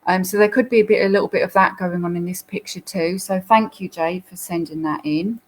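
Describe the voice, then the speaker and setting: A woman's voice: lowish voice, fairly quick, low-quality recording. A woman hosting a live Q&A, talking through viewer photos in a chatty, explanatory way with frequent fillers. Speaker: dog behaviourist host.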